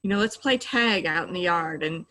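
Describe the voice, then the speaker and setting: A woman's voice: fairly low pitch, expressive, moderate pace, bright, forceful tone, rough recording. A middle-aged woman who works in mental health, patiently explaining coping tips in a conversational interview, with frequent "you know" fillers.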